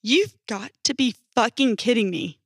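A woman's voice: on the high side, animated, normal speed, breathy edge, no echo, studio quality. A woman doing a furious, venomous young woman. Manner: snarling, hostile.

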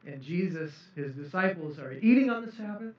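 High-voiced man preaching in an echoey room. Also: expressive, moderate pace. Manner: earnest, builds to emphatic rising peaks. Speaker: pastor. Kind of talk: sermon. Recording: echoey room, distant mic, dull sound.

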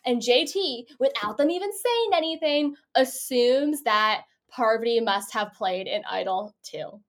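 A woman's voice: a little high, measured pace. A woman co-hosting a podcast, chatting casually and animatedly, often laughing and swearing offhand. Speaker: podcast co-host. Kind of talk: casual chat recapping a reality show.

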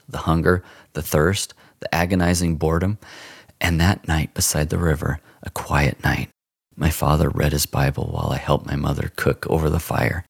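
A man narrating a first-person story in an expressive, dramatic audiobook style. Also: low voice, creaky, dry recording, clean studio sound.

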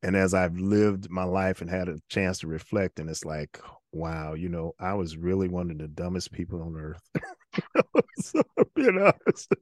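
A man's voice: low voice, little pitch movement, moderate pace, darkish tone, no room sound, clean studio sound. A middle-aged man hosting a faith-based interview podcast, talking earnestly and often repeating words as he restarts. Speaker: podcast host.

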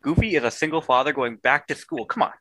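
A man's voice: mid-range voice, quick pace, sharp tone, dry recording. A man in casual chat with friends, talking in an incredulous way and stumbling over words. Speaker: co-host.

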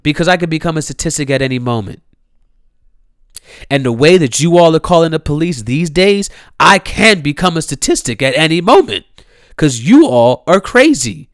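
A man's voice: a little high, lively intonation, normal speed, no echo, studio quality. A man, delivering a heated, incredulous rant, swearing freely and repeating himself. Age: 30s. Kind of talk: impassioned rant to camera.

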